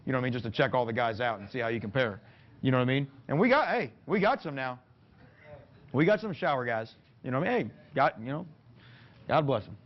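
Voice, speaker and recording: A rapid-fire football coach holds forth to a room of fellow coaches. He is folksy and plain-spoken and mixes jokes into his points. The recording sounds muffled and lo-fi. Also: mid-range voice, big pitch swings. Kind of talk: clinic talk to coaches. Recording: dull lo-fi recording.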